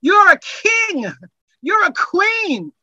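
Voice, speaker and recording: A woman's voice: very high voice, big pitch swings, extremely slow, dry recording, muffled recording. A woman preaching a sermon, building from chatty asides to fervent, repeated declarations. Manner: rising to fervent shouts, repeating phrases.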